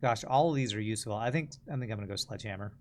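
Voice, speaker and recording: A man streaming a puzzle game in a relaxed, musing way, whose sentences often trail off quietly. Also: lowish voice, rapid-fire. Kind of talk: casual gameplay commentary.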